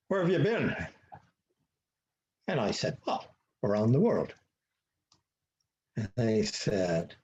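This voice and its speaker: Slow, mellow older man. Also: mid-range voice, slight background noise. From Ottawa, Canada. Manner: rambling storyteller who acts out dialogue, many fillers. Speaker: guest speaker. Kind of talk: anecdotal presentation on an online meetup. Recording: dull lo-fi online call audio.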